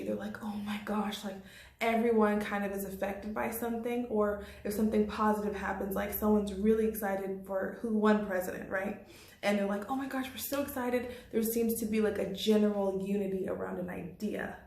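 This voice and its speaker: Casual woman vlogger explaining astrology, chatty with frequent laughs, mid pitch, roomy room sound. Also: darkish tone. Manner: chatty, laughs often, says "like" and "okay?". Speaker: astrology channel host. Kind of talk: casual talk to camera.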